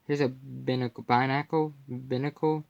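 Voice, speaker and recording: A man's voice: mid-range voice, little pitch movement, normal speed, vocal fry, lo-fi sound. A young man casually commenting on his card collection, slipping goofy puns and mumbled asides in between.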